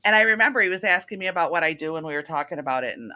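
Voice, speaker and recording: A middle-aged woman hosting a casual spiritual talk show, speaking in an earnest, animated, chatty way. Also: low voice, very fast, hardly any pauses.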